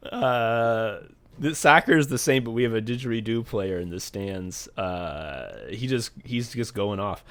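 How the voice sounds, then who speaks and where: A man co-hosting a podcast in casual comedic chat, reading patron names with deadpan absurd jokes. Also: on the low side, a little slow. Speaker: podcast co-host.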